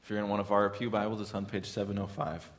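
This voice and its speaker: A man's voice: on the low side, flat delivery, fast talker, in a large hall, very noisy. Man preaching a conversational sermon. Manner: conversational preaching, repeats words, rises to loud pleading questions. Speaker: pastor.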